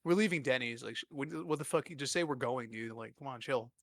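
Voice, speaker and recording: A young man co-hosting a casual podcast, swearing freely and joking, often slipping into quick put-on voices. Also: medium pitch, a bit bright, no room sound. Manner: crude, joking, puts on voices mid-story. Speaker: podcast co-host. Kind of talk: casual chat.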